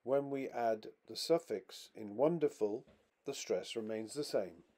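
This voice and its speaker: A male narrator delivers a scripted pronunciation lesson at an unhurried, measured pace. His pitch sits in a middle range, and he sets each example word apart with deliberate, clear stress. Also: a little mellow. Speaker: English pronunciation teacher.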